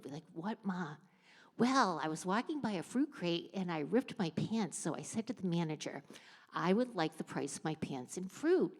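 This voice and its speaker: Woman doing a live story on stage, lively, lots of hall echo. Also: medium pitch. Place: church hall with audience. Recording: long hall reverb.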